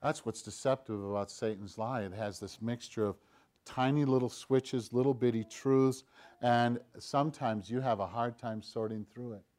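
A man preaching a sermon, swinging between loud, emphatic lines and hushed, low asides, sometimes acting out the tempter's voice in quotes. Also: fairly even intonation, moderate pace. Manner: acts out Satan's voice in quoted lines. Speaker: pastor.

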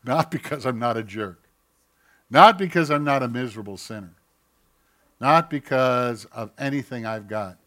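A man preaching a sermon, swinging from loud mocking outbursts to quiet asides and acting out quoted voices. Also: medium pitch, normal speed. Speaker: pastor.

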